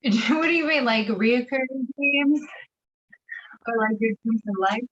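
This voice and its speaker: A woman's voice: fairly high pitch, measured pace. Reflective woman on a dull video call. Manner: reflective, earnest, many filler "like"s. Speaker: podcast guest, shadow work teacher. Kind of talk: casual interview chat.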